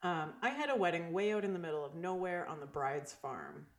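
A woman's voice: fairly low pitch, animated, a little fast, roomy sound. A woman co-hosting a casual talk show, reading a story aloud and swearing freely. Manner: swears freely, laughs to tears while reading. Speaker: podcast co-host, wedding photographer.

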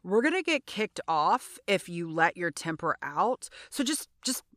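A blunt teenage girl who sets her best friend straight, put on by a woman in her own lowish voice. She speaks casually and gets to the point. The recording is dry and close. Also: sing-song, unhurried, a bit bright, no room sound. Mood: bossy.

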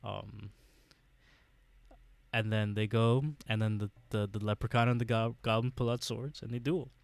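A man co-hosting a podcast, recapping a TV episode in a casual, halting way with lots of fillers and restarts. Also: on the low side, little pitch movement, vocal fry, no echo. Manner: hesitant, many fillers, laughs often. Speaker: podcast co-host.

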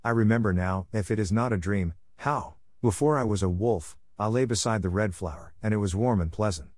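A man's voice: on the low side, a little fast, a little mellow, no echo, studio quality, close to an everyday voice. A man reading aloud, voicing a bold, defiant boy raised by wolves. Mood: eager. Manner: bold, eager. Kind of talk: audiobook reading.

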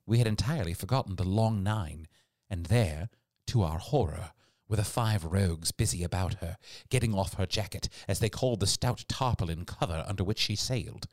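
Low-voiced man narrating expressively. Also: normal speed, no room sound, clean studio sound. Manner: expressive storytelling read. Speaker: audiobook narrator. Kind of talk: scripted narration.

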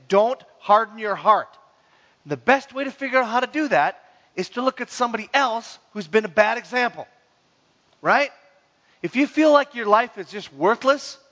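A man preaching a sermon as pastor, joking and acting out the people's grumbling. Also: sits high. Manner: lively, joking, acts out grumbling voices. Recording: dull sound in a reverberant hall.

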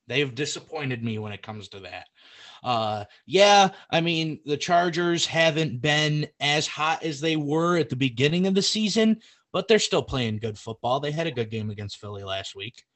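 A man co-hosting a live sports prediction show, excitable and rambling, laughing easily. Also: fairly high pitch. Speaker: podcast co-host. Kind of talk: casual sports prediction chat. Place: home setup streamed live.

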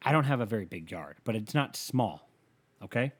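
A man hosting a show, delivering a casual comedic rant that is profane and exasperated, with loud emphatic outbursts. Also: fairly low pitch, lively intonation, normal speed, husky.

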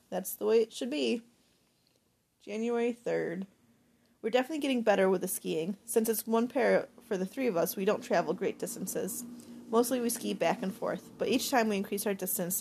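A woman narrating a first-person, diary-style novel in a reflective, even manner. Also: medium pitch, normal speed, creaky, slight background noise. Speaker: audiobook narrator.

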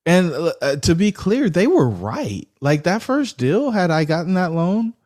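A man in a podcast interview, telling a story with lively energy and acting out the people in it. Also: sits high, a little slow. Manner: animated storyteller acting out quoted dialogue. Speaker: real estate investor guest.

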